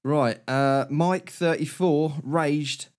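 A man's voice: a little high, slow pace. A man co-hosting a casual comedy podcast, reading odd news stories aloud and often breaking into laughter. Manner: giggly, reads quotes with a chuckle. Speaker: podcast co-host.

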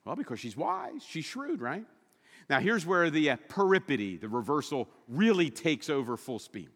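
A male pastor preaching a sermon with animated, humorous storytelling. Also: fairly high pitch, moderate pace, long reverb tail.

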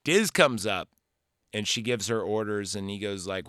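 A man's voice: lowish voice, expressive, normal speed, sharp tone, no echo, studio quality. Rambling, profane man recapping a movie. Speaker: podcast host.

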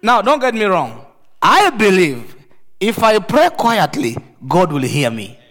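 A man with a high voice preaches a fervent sermon. He moves between loud rebukes and quiet storytelling. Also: wildly swooping pitch, measured pace. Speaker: pastor.

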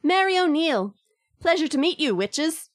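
A woman's voice: high voice, big pitch swings, a little slow, voice pushed up. A woman putting on a wry Irish girl jailed as a witch. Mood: polite. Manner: chatty, wry, a little grim. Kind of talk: character voice in a tabletop game.

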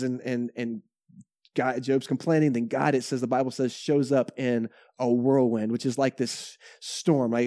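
A man preaches his sermon in a casual, lively way, asking "right?" as he goes. His voice is mellow and warm. The sound is dry and close. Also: medium pitch, no room sound. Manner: conversational, animated, frequent "right?" tags. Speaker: pastor.

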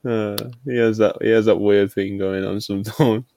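A man's voice: on the low side, fairly even intonation, moderate pace, warm tone. A man hosting a podcast in casual chat, laid-back, laughing often and reading out donations.

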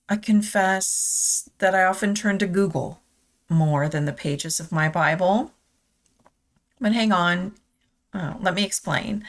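A woman hosts a devotional podcast in an unhurried, gentle voice. She talks in a tender, confessional way that comes close to tears, then reads scripture aloud. Her voice sits a little low. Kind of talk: personal devotional reflection and scripture reading.

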